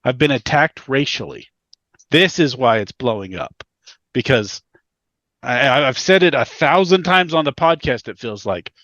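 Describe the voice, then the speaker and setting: A man's voice: mid-range voice, lively intonation, moderate pace, a bit bright, dry recording. A man co-hosting a podcast, talking casually with emphatic, indignant repetition of his points. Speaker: podcast co-host.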